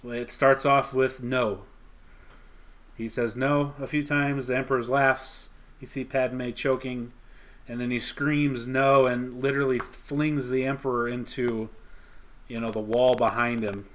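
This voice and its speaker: A man talking casually on a podcast, his voice at an ordinary middle pitch. He rambles through a comic recap, stopping often to quote what the characters say. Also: level tone, unhurried, fairly bright tone. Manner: rambling, retells scenes with quoted lines. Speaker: podcast co-host.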